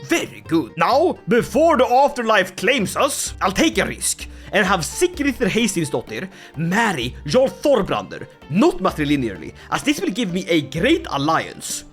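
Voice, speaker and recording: A man giving joking, excitable commentary on a strategy game, often laughing. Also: sits high, measured pace. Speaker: gaming YouTuber. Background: faint music.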